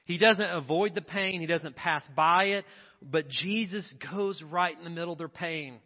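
A man with a high, bright-edged voice preaches an impassioned sermon, piling up repeated refrains as he builds. The sound is dull and muffled, with a long reverb trailing off the church walls. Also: normal speed. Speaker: pastor. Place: church sanctuary.

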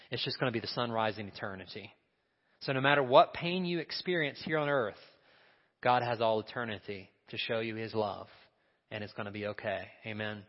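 A male pastor preaching a sermon in a church, earnest, repeating key phrases and dropping to a soft hush. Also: mid-range voice. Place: church sanctuary. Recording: dull sound in a long-echo hall.

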